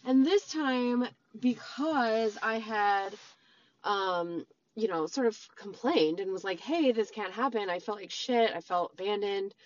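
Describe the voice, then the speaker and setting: A woman casually telling her own story straight to her viewers, rambling, with many "like" and "um" fillers. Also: mid-range voice. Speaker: storyteller recounting a relationship. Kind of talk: casual personal storytelling to camera. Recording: slightly dull lo-fi sound.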